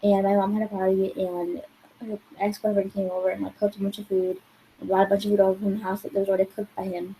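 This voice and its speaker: A woman's voice: mid-range voice, little pitch movement, fast, mellow, a little hiss or hum, poor audio. A woman vlogger telling a rambling, exasperated story in casual talk, full of swearing and "like". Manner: rambling and profane, heavy use of "like".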